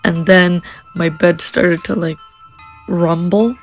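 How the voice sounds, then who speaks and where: Young woman, lowish voice, rambling ghost-story telling, faint music underneath. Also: fairly even intonation, slow pace. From Canada. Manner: rambling, lots of fillers and restarts. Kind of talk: casual storytelling.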